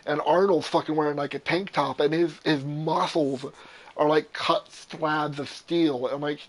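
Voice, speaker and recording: A man's voice: on the high side, measured pace, low-quality recording. A young man in casual chat, rambling and swearing, retelling movie scenes and acting out the lines. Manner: rambling, profane, restarts a lot, acts out quotes. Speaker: gamer chatting while playing.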